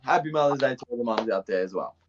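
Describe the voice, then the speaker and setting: A man's voice: medium pitch, expressive, fast, muffled recording, slight background noise. An Australian man co-hosting a footy podcast, delivering a mocking, fired-up comic rant. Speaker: podcast co-host. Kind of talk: casual chat with a comic rant.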